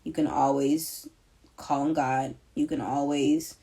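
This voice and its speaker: A woman's voice: deep voice, level tone, takes it slowly, mellow, breathy edge. A young woman doing a live collective tarot reading, talking in an emphatic, slangy, repetitive and emotional way. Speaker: tarot reader.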